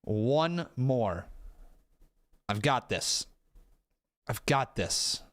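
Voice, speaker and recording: A man reacting to wrestling clips in a casual, self-mocking way, often yelping and shouting. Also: medium pitch, very slow. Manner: excitable, yelps and shouts in reaction. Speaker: wrestling YouTuber.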